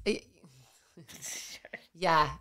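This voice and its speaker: A woman's voice: extremely slow, bright, forceful tone, dry recording. A woman co-hosting a casual chat podcast, playful and teasing. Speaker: podcast co-host.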